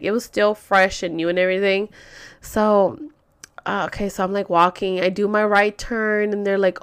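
Young woman, casual storytime, expressive, swears a lot. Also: mid-range voice, smooth. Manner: animated, swears a lot, acts out quotes.

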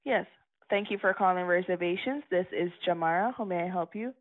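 A woman working as a reservations agent, polite and soft-spoken on a call. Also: on the low side, fairly quick, heavy background noise. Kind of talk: customer service call. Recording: tinny phone line.

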